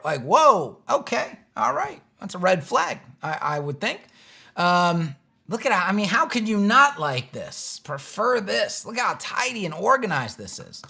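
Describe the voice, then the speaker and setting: High, gravelly man hosting a live stream. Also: expressive, unhurried, bright, forceful tone. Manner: rambling, exasperated, restarts and wry jabs. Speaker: host of live web design show. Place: home studio, seated in a chair.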